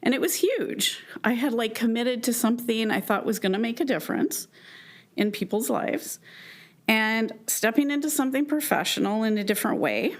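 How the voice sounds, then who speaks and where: A woman in her fifties from Canada giving a personal keynote talk to a live audience, speaking earnestly and with emotion, with halting restarts. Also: fairly high pitch, lively intonation. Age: 50s.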